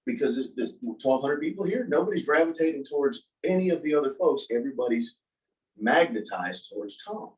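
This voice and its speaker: A man telling a personal story in a casual talk, animated and acting out the voices of the people he quotes. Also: fairly high pitch, fairly quick. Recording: voice from a distance from the mic.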